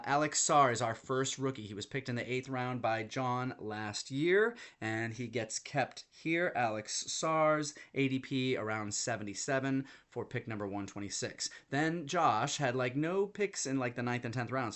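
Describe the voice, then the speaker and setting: A man's voice: mid-range voice, measured pace, fairly bright tone. A man giving a casual, chatty breakdown of a fantasy basketball draft, thinking aloud and poking fun at himself as he checks his notes. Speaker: fantasy basketball league commissioner. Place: in London.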